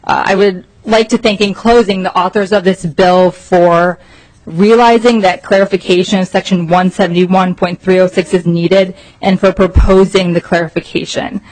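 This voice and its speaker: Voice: medium pitch, fairly even intonation, normal speed, a little mellow, rough recording. A person testifying at a legislative hearing, reading prepared remarks in a formal tone.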